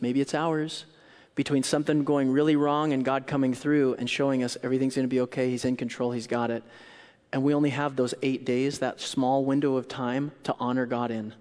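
A man's voice: mid-range voice, moderate pace. Man preaching in a reverberant hall. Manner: animated storytelling, acts out scenes with loud outbursts and hushed quotes. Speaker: pastor. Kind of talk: sermon.

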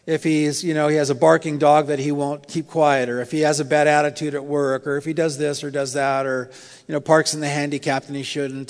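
A male pastor preaching a sermon in a conversational, storytelling way with light humor. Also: fairly high pitch. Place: church. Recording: long reverb of a church hall.

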